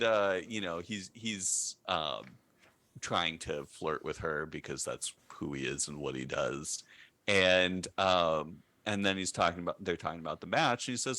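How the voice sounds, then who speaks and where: A man's voice: low-pitched, measured pace, dry recording. A man co-hosting a podcast, animatedly retelling a comic book plot with lots of fillers. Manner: animated storyteller with many fillers and restarts. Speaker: podcast co-host. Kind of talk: casual comic book recap chat.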